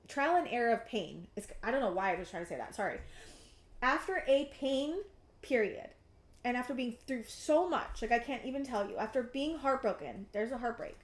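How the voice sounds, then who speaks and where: Woman, 30s, tarot reader: gushing and effusive, somewhat high voice, roomy sound. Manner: excitable and effusive, lots of restarts and "I'm getting". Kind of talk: pick-a-card tarot reading to camera.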